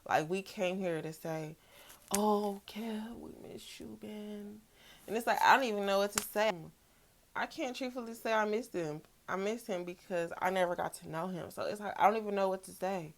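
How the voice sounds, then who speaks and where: A woman's voice: mid-range voice, a little fast, a little hiss or hum. A young woman, talking candidly and emotionally in a personal vlog, swearing freely and repeating herself. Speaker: vlogger.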